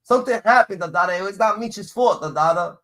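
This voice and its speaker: Brief: male streamer, a bit high-pitched, profane mocking rant, chant-like filler. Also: fairly quick, a bit bright. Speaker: streamer reacting to clips. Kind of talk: ranting reaction commentary.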